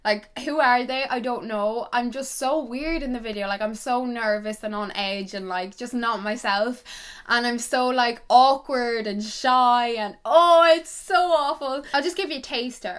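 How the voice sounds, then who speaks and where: A woman's voice: a little high, measured pace, clear, resonant tone. A young woman, chatting to camera and telling stories in a gossipy way. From Ireland. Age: young adult. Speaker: YouTuber. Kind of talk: casual chat to camera.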